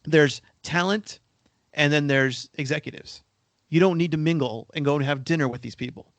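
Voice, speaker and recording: A man's voice: fairly high pitch, normal speed, no room sound. Rambling man, dry podcast mic. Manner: rambling, repeats words when starting sentences. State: coughing now and then. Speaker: podcast co-host. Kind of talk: casual podcast discussion.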